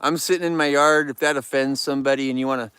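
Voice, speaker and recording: With a quick pace and a steady, medium-pitched voice, this man livestreams from his yard and jokes around playfully with viewers. His tone is fairly bright, clear and resonant, and there's no room sound.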